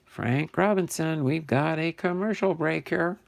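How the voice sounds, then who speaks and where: A man's voice: a little high, a little slow, vocal fry. An older man from New Jersey hosting a casual live stream about sports cards, chatting loosely and correcting himself as he goes. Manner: chatty, self-correcting, thinking aloud. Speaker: sports card channel host.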